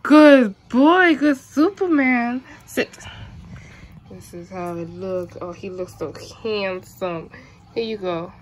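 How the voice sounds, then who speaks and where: A woman vlogging at home, chatting casually to the camera and switching to high coaxing baby talk with her dog. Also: expressive, takes it slowly, slight background noise.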